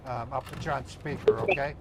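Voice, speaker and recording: On a low-quality recording with slight background noise, a man's gravelly, medium-pitched voice moves fairly quickly. He runs a live scambaiting stream, bantering casually with his audience and pretending to be thrilled while stringing along a scammer on the phone.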